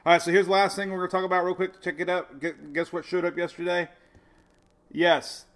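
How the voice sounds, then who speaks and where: A middle-aged man hosting a casual weather livestream, rambling excitedly and laughing often. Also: sits high, fast. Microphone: phone or webcam on a live video stream.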